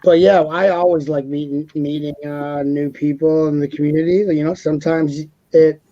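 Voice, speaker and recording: A man's voice: on the high side, level tone, normal speed, mellow, no room sound, dull audio. A man co-hosting a casual live stream panel, talking in a rambling way, repeating words and laughing often.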